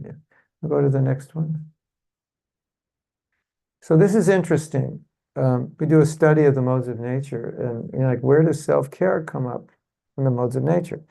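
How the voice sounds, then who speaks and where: A man's voice: medium pitch, gravelly, mellow. A man teaching a devotional seminar to a live audience, often asking rhetorical questions and leading the room in repeating phrases. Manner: rhetorical, keeps asking "isn't it?"; leads the audience in call-and-response. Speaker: seminar speaker. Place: temple hall with an audience.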